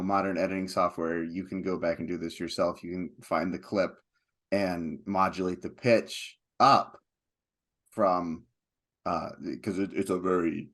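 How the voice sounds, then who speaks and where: A man co-hosting a film podcast, speaking in an unhurried, hesitant way with frequent ums in a casual chat. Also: low-pitched, a bit bright. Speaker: podcast co-host.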